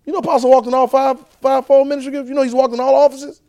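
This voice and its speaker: At a church training center, a man with a very high voice preaches rapid-fire to a class. He keeps repeating himself with animated energy and rattles off rhetorical questions.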